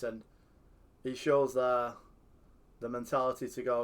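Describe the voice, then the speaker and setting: A man in casual gaming commentary, cursing freely as he talks through his football management game. His voice jumps into loud outbursts at the match events. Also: mid-range voice, takes it slowly. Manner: sweary, excitable, shouts at the game.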